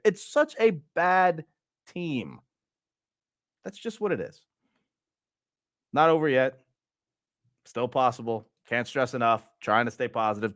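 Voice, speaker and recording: This frustrated football fan, a young Louisianan with his own fan channel, keeps circling back to the same grievances about his team. His mid-range voice has a fairly bright tone, and the studio recording is clean and dry.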